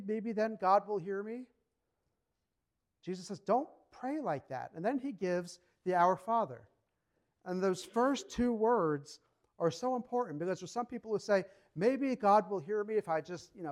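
A man pastor preaching a sermon in a conversational way, often acting out the voices of the people he quotes. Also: high-pitched.

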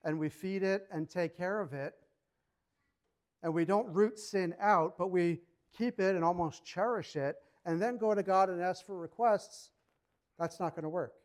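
A man's voice: high-pitched, a little slow. A man preaching a sermon in a conversational, emphatic way, acting out short quotes as he goes. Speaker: pastor.

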